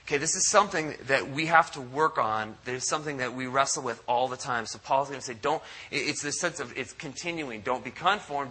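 A man preaching a sermon at a church service, animated and acting out quoted voices. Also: breathy edge, low-quality recording. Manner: animated, acts out quoted voices with big pitch jumps. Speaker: pastor.

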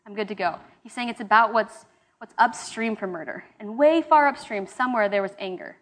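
A woman's voice: a little high, animated, a little fast. A young woman giving a casual, conversational Bible study talk, with fillers and restarts. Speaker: small-group Bible study leader. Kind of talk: casual sermon teaching.

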